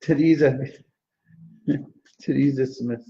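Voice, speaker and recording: A man's voice: fairly even intonation, slow, creaky, warm tone, slight background noise. A man giving psychic readings to viewers on a live stream, chatty and reassuring, laughing often. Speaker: psychic astrologer. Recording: dull low-fidelity live stream.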